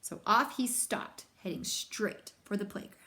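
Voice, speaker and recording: A young woman reading a children's picture book aloud, with lively, chatty asides to young listeners. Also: mid-range voice, a little slow, whispered. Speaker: storybook reader.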